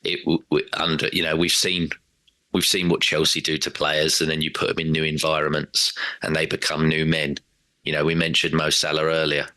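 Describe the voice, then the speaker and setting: A man talking football as a regular on a casual podcast, animated and rambling, often acting out quotes in other voices. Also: rumbling low, brisk, dry recording.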